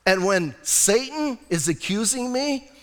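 A male pastor giving a sermon in a church, telling stories in a casual, animated way. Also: very high voice, unhurried. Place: church sanctuary. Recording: long church reverb.

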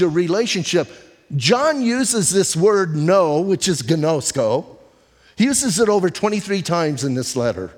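Pastor preaching in a reverberant hall. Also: male voice, high voice. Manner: conversational preaching with storytelling and rhetorical questions; emphatic, slows down on key phrases. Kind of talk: sermon. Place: church sanctuary.

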